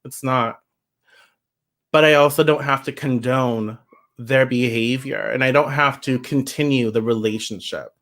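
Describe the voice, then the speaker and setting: A man's voice: medium pitch, fairly even intonation, a little slow, a bit bright. A man giving a casual livestream tarot reading, chatty and emphatic, reacting to viewer comments as he goes. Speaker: tarot reader.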